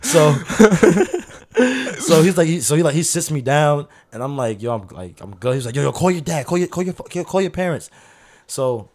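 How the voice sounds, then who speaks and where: A man telling a story in casual chat, animated and slangy, acting out other people's voices and laughing often. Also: fairly high pitch, moderate pace.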